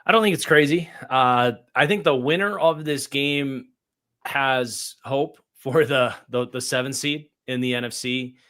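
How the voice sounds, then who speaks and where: A man co-hosting a casual football show, who gives blunt, opinionated takes in quick runs of speech. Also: medium pitch, fairly bright tone. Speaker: co-host, football analyst. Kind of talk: casual sports chat.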